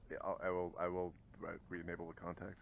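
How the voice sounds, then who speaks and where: A man's voice: sits low, monotone, fast talker, creaky, phone-quality sound. A man playing a tabletop game, speaking in a laid-back way. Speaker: player. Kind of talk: casual tabletop play.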